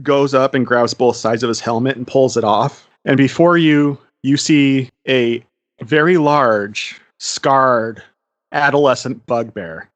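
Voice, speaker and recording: A man's voice: medium pitch, slow pace, no echo. A man narrating a tabletop game as game master, describing scenes evenly.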